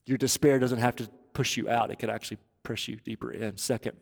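A man preaching a sermon as pastor, urging and earnest, moving between loud appeals and hushed, intense passages. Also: medium pitch, steady tone, a little fast, creaky. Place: church auditorium. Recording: long reverb of a large hall.

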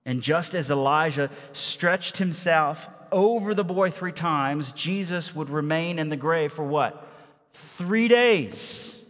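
A man preaching a sermon as pastor, firing rhetorical questions at the congregation and swinging between hushed and loud delivery. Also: fairly high pitch, long reverb tail.

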